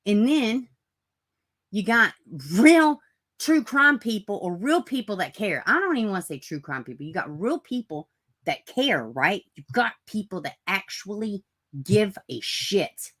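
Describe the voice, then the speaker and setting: Unhurried and sing-song, this mid-range, fairly bright voice belongs to a true crime channel host commenting on a livestream. She rants with bluntness and profanity, mocking people by slipping into sarcastic voices.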